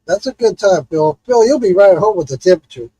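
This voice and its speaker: Animated, husky-voiced man chatting on a livestream. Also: high voice, fast talker, no room sound, rough recording. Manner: animated storytelling, swears freely. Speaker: livestream host. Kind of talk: casual chat.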